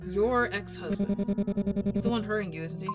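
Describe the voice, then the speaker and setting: Ren, a woman voicing a gruff young man. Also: mid-range voice, steady tone, moderate pace, lightly acted. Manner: blunt, gruff. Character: gruff, blunt young man, protective neighbor. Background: game music.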